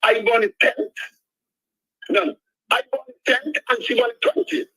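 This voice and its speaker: Man, 60s, caller, bright tense voice, swooping lively pitch, impassioned rambling. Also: dry recording, rough recording. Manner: rambling, impassioned, drawn-out words. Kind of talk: call-in talk radio.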